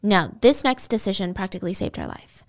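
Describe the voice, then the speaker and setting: A woman's voice: medium pitch, wildly swooping pitch, brisk. A woman retelling a true-crime story in a casual, dramatic way, with chatty asides to the listener.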